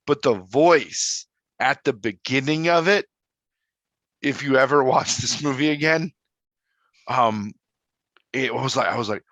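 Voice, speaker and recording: A man's voice: medium pitch, normal speed, fairly bright tone, no room sound. A man in a casual podcast film review who keeps acting out his own thoughts as quotes. His recording is dry and somewhat muffled, as if on a modest mic. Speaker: podcast co-host. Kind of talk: casual movie review chat.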